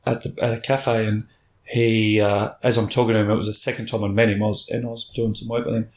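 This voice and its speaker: A man's voice: lowish voice, little pitch movement, quick pace, darkish tone. A middle-aged man, a podcast guest telling stories bluntly and swearing freely. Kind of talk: candid storytelling chat. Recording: roomy echo.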